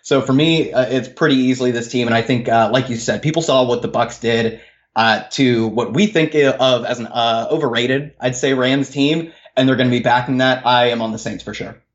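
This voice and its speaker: A man co-hosting a sports betting podcast, laid-back and agreeable, often pausing with fillers. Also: medium pitch, roomy sound, dull audio. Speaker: podcast co-host.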